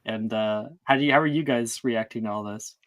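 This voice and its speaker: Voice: medium pitch, a little fast. A game master narrating a tabletop role-playing scene with lots of fillers. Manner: rambling, many fillers.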